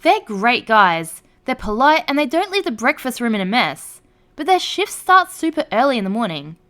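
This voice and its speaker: A woman reads online stories aloud with a high voice. Her pitch swings widely, giving every line a lively, animated storytelling lilt. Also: normal speed. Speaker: narrator.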